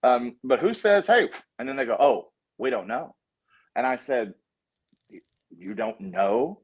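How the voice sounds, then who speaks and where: A man with a Southern US accent, a documentary filmmaker appearing as a guest, chats casually at a moderate pace in a mid-range voice. He's an animated storyteller who acts out quotes and restarts frequently.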